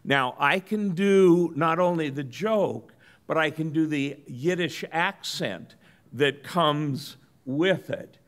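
A middle-aged man from Southern California giving a business lecture in a measured, good-humored storytelling manner. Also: a little high. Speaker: guest lecturer.

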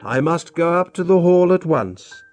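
A man's voice: a little high, expressive, moderate pace, a little mellow, soft background music, voice pushed up, lightly acted. A man doing a concerned village priest. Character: older male village priest, earnest and brisk.

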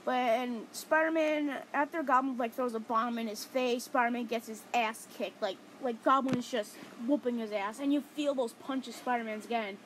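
A woman with a slightly high voice rambles through a casual countdown of movie fight scenes. She talks with loose enthusiasm, packing her sentences with "like" and restarts. Faint background noise sits under her voice. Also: moderate pace, hardly any pauses, low-quality recording. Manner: rambling, enthusiastic, many fillers like "like". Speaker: movie reviewer.

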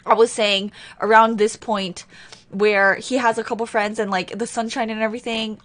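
A woman's voice: a little high, level tone. Rambling, upset young woman vlogger. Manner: distressed, rambling, talks fast. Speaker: reaction video host. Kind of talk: casual reaction commentary.

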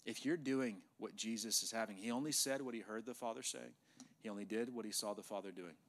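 A middle-aged male pastor preaching an emphatic sermon in a church, sometimes dropping to a hushed voice for effect. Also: lowish voice, fairly quick. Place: church sanctuary.

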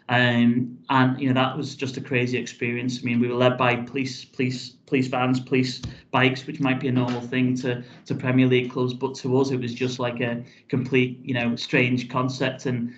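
A man speaks as a guest on a podcast, recounting events casually in a fairly level, even tone. He rambles and restarts his phrases, filling gaps with "um" and "you know". The audio is dull and lo-fi. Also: medium pitch. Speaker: football club chief executive. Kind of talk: casual storytelling in a podcast interview.

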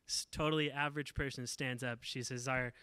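Smooth-voiced male pastor preaching. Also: medium pitch, steady tone, brisk, pushed and bright, dry recording. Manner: conversational, with frequent fillers and restarts. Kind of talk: storytelling sermon.

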